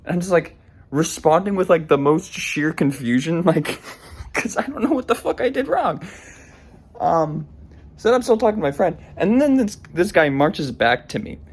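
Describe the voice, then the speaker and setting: A man's voice: fairly high pitch, big pitch swings, normal speed, slightly rough. A man telling a story casually, rambling with frequent restarts and self-deprecating humor. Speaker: vlogger.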